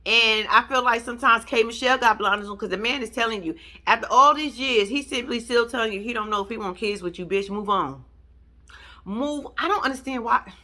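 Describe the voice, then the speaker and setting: Blunt, sassy woman with a bright voice. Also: fairly quick. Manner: blunt, sassy, swears freely, swings pitch up for emphasis. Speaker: show recap host. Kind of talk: casual reality-show recap commentary.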